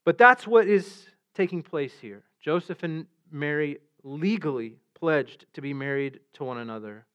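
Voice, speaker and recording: A man preaching a sermon as pastor, earnest, often repeating words as he restarts. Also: sits high. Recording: dull lo-fi sound.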